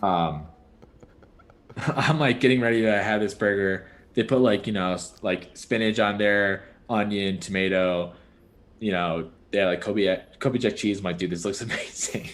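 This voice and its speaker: A man's voice: lowish voice, unhurried. Laughing young man telling a story. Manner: animated, laughing often, heavy use of "like" and "dude". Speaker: podcast co-host. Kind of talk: casual chat, storytelling.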